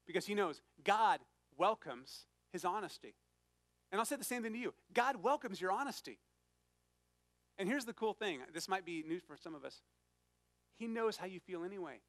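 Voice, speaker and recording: A man's voice: high-pitched, expressive, normal speed, a bit bright, dry recording. A man preaching a sermon to his congregation, earnest and conversational, reading scripture with emphasis. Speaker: pastor.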